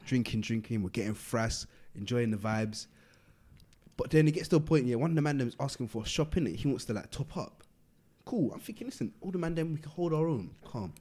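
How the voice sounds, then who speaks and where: Co-hosting a podcast, a young man spins a long, casual story in a mid-range voice at a slightly quick pace. Animated, he acts out the quotes and drops London street slang.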